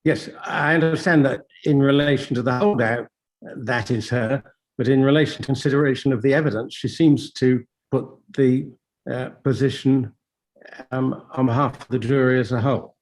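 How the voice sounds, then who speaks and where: A man's voice: medium pitch, fairly even intonation, normal speed. A male appeal judge questioning counsel in court, probing and skeptical, pressing on points with pointed questions.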